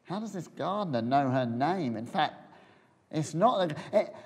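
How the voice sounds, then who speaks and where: Man, preacher, sermon, slow measured delivery, fairly high voice, vivid storytelling, hushed to loud, long hall reverb. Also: expressive, breathy edge. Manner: storytelling, imagining scenes aloud, swinging from loud to hushed.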